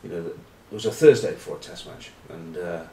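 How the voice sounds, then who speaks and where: A man's voice: low-pitched, lively intonation, fairly quick, warm tone. A man, rambling wryly and cheekily in casual rugby chat to camera. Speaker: rugby pundit and vlog host. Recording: roomy echo, distant mic.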